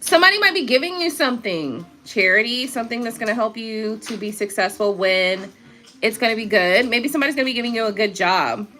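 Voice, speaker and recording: A young woman does a casual live tarot reading with features, her voice a little high, quick, and sharp with lively intonation over soft background music. She's chatty, laughs often, swears, and reads viewer comments aloud.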